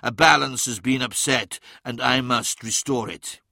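A man's voice: mid-range voice, a little slow, creaky, bright, forceful tone, no echo, studio quality, exaggerated voice. A man voicing a wrathful, towering male demigod warlord in an audiobook, speaking in a stern, commanding way. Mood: grave.

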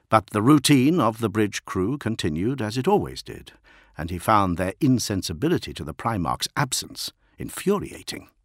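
Male audiobook narrator: low, animated pitch, dry close sound, measured dramatic reading. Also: dry recording. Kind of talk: scripted narration.

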